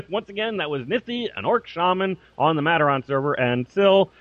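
A man on a casual gaming podcast, a little high-pitched and very lively in his intonation. He reads a listener email aloud, chuckling and apologizing as he goes. His voice sounds dry and a bit muffled, like a lo-fi mic. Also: moderate pace, no echo.

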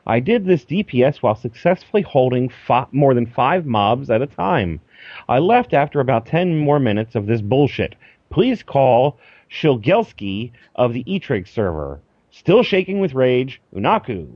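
Male podcast host, lively delivery, dry lo-fi mic sound. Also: medium pitch, moderate pace, breathy edge, no room sound. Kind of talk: casual chat and reading listener email.

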